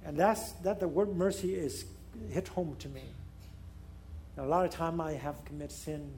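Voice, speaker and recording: A man preaching a sermon in non-native English, swinging between raised exclamations and hushed, low pleading. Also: fairly even intonation, a little slow, a little hiss or hum.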